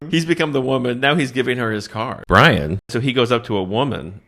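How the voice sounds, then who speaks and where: A middle-aged male comedian with a bright, forceful voice and an animated delivery. He recaps a movie and keeps breaking into laughter at his own jokes. He slips into funny voices for the characters he describes. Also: medium pitch, moderate pace, few pauses. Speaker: comedian podcast host.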